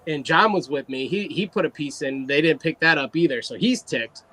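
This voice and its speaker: A man casually telling an animated story about his art, full of fillers and quoted asides. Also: fairly high pitch, normal speed, low-quality recording. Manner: animated, loose anecdote with fillers. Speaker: guest artist.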